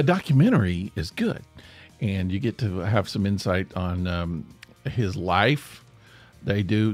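A man hosting a casual solo podcast, hoarse with his voice nearly gone, rambling and grumpy in a joking way. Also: mid-range voice, no room sound. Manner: rambling, self-interrupting, grumpy humor. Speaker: podcast host. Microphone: podcast microphone.

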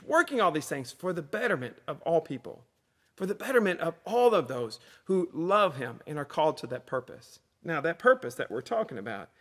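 A man's voice: on the high side, a bit bright. A man, a pastor giving a conversational sermon with repeated refrains.

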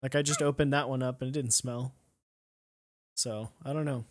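Easygoing co-host, casual chat, mid pitch. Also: fairly even intonation, normal speed.

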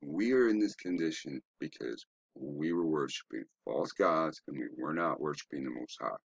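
A man's voice: a bass voice, animated, normal speed, gravelly, breathy edge, no echo, highs cut off. A man giving a rambling, profane, preachy commentary while browsing web pages, asking rhetorical questions. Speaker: online commentator.

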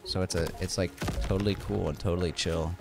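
Over game music, this streamer speaks in a low, brisk voice with vocal fry and fairly even intonation. His gameplay commentary is loose and joking, mostly rambling talk aimed at himself.

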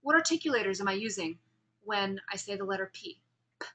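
Young woman lecturing a speech class, bright voice, keeps demoing pitch and emphasis, asks the room questions. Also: lively intonation, fast talker. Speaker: speech instructor.

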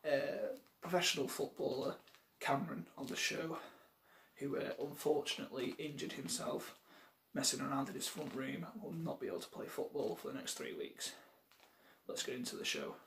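Young male host, mock newsreader, soft-spoken, faint hiss behind. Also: fairly high pitch, reverberant, distant mic. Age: young adult. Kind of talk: mock news presenting.

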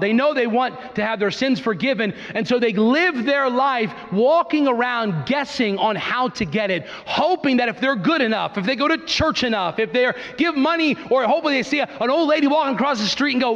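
A pastor in his thirties preaching a sermon in a church with emphatic, repeated phrases. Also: sits high. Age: 30s. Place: church sanctuary. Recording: reverberant church hall, dull sound.

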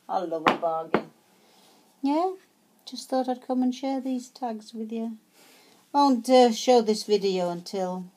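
A woman talks through her handmade craft tags in a casual, chatty way. She speaks slowly with a warm, mellow tone, often stumbling over words and restarting. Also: a little high. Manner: chatty, hesitant, many fillers and restarts. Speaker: craft vlogger. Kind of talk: casual show-and-tell.

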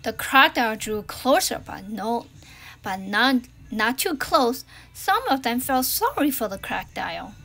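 Expressive woman reading a children's story. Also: a little high, a little slow. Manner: expressive, swings between loud and hushed. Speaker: storybook reader. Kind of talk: children's storybook read-aloud.

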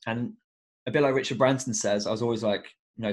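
A young man who works as an education coach appears as a guest on a casual podcast interview. His mid-range voice holds a steady tone at a quick pace as he talks earnestly and reflectively, with many fillers.

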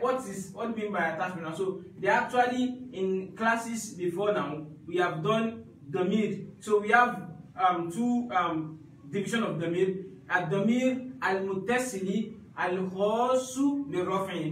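A man's voice: sits high, a bit bright, slight background noise. A man teaching an Arabic grammar class, explaining step by step and often checking with his students. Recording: echoey room, mic at a distance.

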